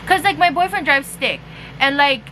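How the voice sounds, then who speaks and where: A young woman spills a story in a casual, chatty way, swearing freely and filling every pause with "like" and "you know". Her voice sits high and sounds bright and sharp. A faint hiss of noise runs underneath. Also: low-quality recording. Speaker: vlogger.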